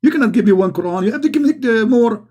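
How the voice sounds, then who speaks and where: A man's voice: very high-pitched, expressive, quick pace, darkish tone, pitched above the performer's own voice. A man voicing an exasperated figure who whines and pleads in a raised, complaining tone. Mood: whining.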